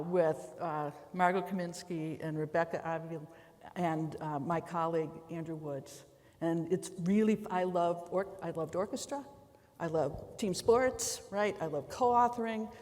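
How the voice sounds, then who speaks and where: A woman law professor speaking on a conference panel, a lively storyteller with quick folksy asides. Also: lowish voice. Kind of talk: panel discussion on stage. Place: large conference hall. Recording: long hall reverb.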